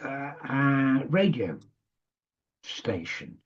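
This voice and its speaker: A middle-aged man, a former radio DJ, spins slow, rambling anecdotes peppered with swearing. His voice is husky and unhurried. The recording sounds muffled and lo-fi. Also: medium pitch, huge pitch swings, a little mellow. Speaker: radio DJ and interview guest. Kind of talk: casual storytelling interview.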